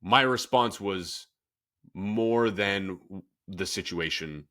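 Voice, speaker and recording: A man in his thirties talks through his own story on a casual podcast, rambling and circling back with plenty of fillers. His voice sits low but carries a bright, forceful edge. He sounds candid and reflective. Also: slow. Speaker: podcast host, fitness coach. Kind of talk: candid conversational podcast talk.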